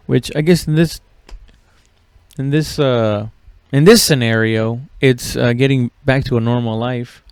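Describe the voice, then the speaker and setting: A man's voice: medium pitch, a little slow, darkish tone, smooth, dry recording. A man hosting a comedy podcast, rambling and swearing casually with lots of fillers and laughs. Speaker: podcast host.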